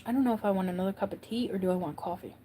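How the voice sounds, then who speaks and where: A woman's voice: medium pitch, very fast, mellow, a little hiss or hum. A woman from upstate New York hosting a casual livestream, chatting and answering viewers' comments as she goes. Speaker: livestream host.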